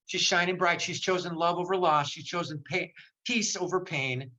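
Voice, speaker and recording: Over a video call, an older motivational speaker gives a heated talk to a virtual seminar, leaning on repeated phrases for emphasis. His high voice is pushed and bright, at a normal speed. The highs in the recording are cut off.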